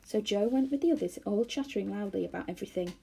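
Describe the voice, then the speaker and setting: A woman reading a children's novel aloud to schoolchildren, expressive and animated. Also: mid-range voice, fast talker, vocal fry, husky. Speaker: storyteller for schoolchildren.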